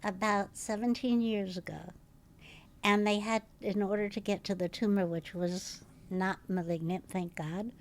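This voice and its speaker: An older woman with an unmistakable, distinctive voice tells showbiz stories in a relaxed interview, laughing often as she goes. Her pitch sits in a middling range, and her delivery is animated and chatty. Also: a little slow, a little hiss or hum. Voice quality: distinctive, instantly recognizable voice. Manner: lively, laughs often while telling stories. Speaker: actress and podcast guest. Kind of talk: casual interview storytelling.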